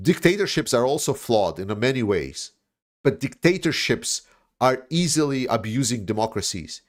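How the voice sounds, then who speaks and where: A man who grew up after the Soviet Union, hosting a political livestream with an emphatic, repetitive and profane delivery. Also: mid-range voice. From Eastern Europe, post-Soviet. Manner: emphatic, repetitive, swears when angry. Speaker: livestream host. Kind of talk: impassioned political livestream monologue.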